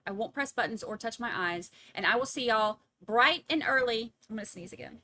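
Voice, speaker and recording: A woman's voice: fairly high pitch, animated, brisk, pushed and bright, no room sound. A woman hosting a livestream, chatting casually and rambling as she signs off to her viewers. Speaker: livestream trial commentator. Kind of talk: casual livestream sign-off chat.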